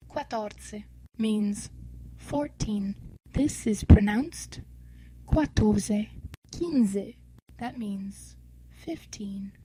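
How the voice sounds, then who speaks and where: A woman giving a language lesson, saying each word slowly and repeating it for learners. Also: medium pitch, dark tone, slight background noise, poor audio. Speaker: French teacher. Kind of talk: slow, deliberate language lesson.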